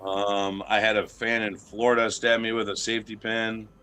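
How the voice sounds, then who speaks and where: A man's voice: on the low side, little pitch movement, normal speed, bright, forceful tone, slight background noise. A man being interviewed as a wrestling champion, talking in a brash, boastful, profane way and telling stories casually.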